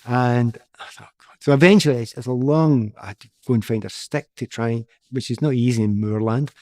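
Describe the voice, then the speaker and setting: A middle-aged Scottish man tells his stories in a lively, self-deprecating way, often restarting his sentences. His voice sits at a middling pitch. The sound is dry and close. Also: a little fast, no echo. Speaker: guest, former footballer. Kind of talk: casual storytelling.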